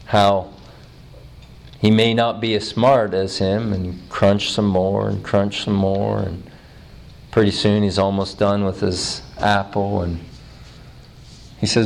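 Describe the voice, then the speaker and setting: A man preaching a sermon, telling a story with emphatic pauses, then leading a prayer. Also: lowish voice, little pitch movement, gravelly.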